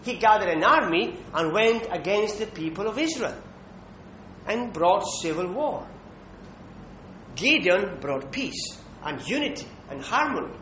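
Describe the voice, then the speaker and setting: A man preaching a sermon, emphatic, pausing to check in with listeners with a questioning "hmm". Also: very animated, bright, forceful tone. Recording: echoey room with faint rumble.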